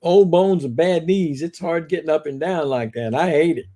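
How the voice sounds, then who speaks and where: A man's voice: a little high, normal speed, mellow. An older man chatting casually as co-host, easygoing and joking. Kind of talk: casual chat.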